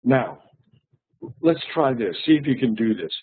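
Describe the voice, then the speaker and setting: A man's voice: medium pitch, expressive, unhurried, breathy edge. A man teaching an online English lesson, patient and friendly, often repeating his words. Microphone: online call. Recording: tinny phone-like online call.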